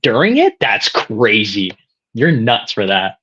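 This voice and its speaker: A man's voice: fairly low pitch, very animated, slow, pushed and bright, breathy edge. A man co-hosting a casual sports chat, laid-back and often restarting his sentences. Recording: dull lo-fi sound.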